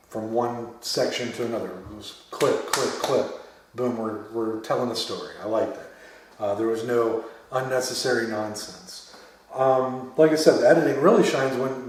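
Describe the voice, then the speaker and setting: A man's voice: medium pitch, distant mic. Rambling man in an echoey room. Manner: rambling, frequent uh and um fillers, blunt swearing. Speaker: horror podcast host. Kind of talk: casual film review. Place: his home den filled with memorabilia.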